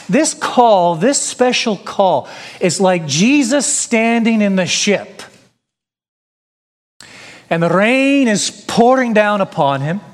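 A male pastor preaching a sermon, emphatic, with rhetorical questions and repetition. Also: high-pitched. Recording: long hall reverb.

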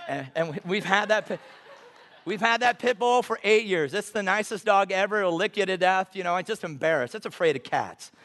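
A man with a notably high voice preaches with emphasis, stretching out his scripture quotes. He sounds middle-aged and speaks as a guest preacher. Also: animated, a little fast, a bit bright. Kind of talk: sermon.

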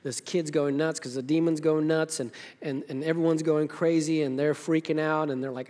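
A man preaching a sermon in a church, telling the story in a lively, casual way and acting out what the characters say. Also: fairly high pitch, a little fast, hardly any pauses, long reverb tail. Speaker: pastor.

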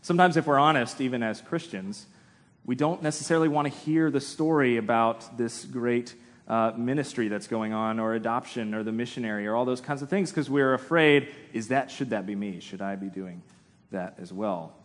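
A man preaching a sermon in a relaxed, conversational way, with self-deprecating humor. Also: medium pitch, moderate pace. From United States. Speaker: pastor. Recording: long hall reverb.

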